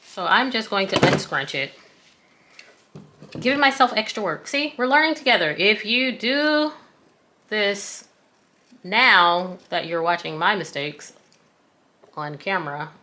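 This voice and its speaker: Bright-voiced Southern woman teaching sewing. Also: medium pitch, expressive, measured pace, pauses often, slight background noise. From American South. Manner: chatty, self-deprecating, folksy. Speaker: craft tutorial host. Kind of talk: casual sewing tutorial.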